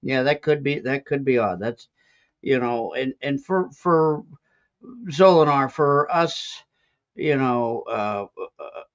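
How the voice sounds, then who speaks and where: A man's voice: mid-range voice, slow. Folksy man on a dull lo-fi mic. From USA. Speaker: podcast panelist. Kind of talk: casual panel chat.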